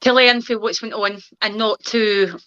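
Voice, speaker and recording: Bright-voiced woman guest on muffled audio. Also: a little high, fairly even intonation. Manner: agreeable, quick to laugh, reflective. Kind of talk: casual chat.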